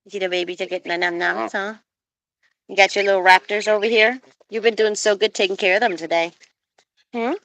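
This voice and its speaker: A woman's voice: medium pitch, steady tone, fairly quick, fairly bright tone. A young woman live-streaming outdoors by phone, cooing in baby talk to her pet geese and chatting to viewers. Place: outdoors with geese and other animals.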